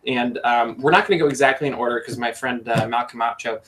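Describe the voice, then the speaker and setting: A man's voice: medium pitch, quick pace, a bit bright, a little hiss or hum, rough recording. A man hosting a casual podcast chat, enthusiastic and rambling with lots of fillers. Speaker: podcast host.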